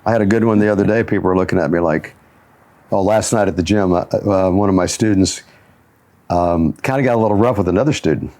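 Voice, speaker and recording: Lower-voiced man hosting a motivational show. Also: fast talker, a little mellow. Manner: storytelling with frequent chuckles. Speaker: show host and jiu-jitsu instructor. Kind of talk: motivational talk-show chat.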